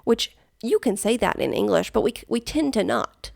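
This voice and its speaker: Brief: American woman, heavy vocal fry, dry close sound, thoughtful co-host. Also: on the high side, expressive, moderate pace, darkish tone, dry recording. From United States. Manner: thoughtful, self-correcting. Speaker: podcast co-host. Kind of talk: casual chat.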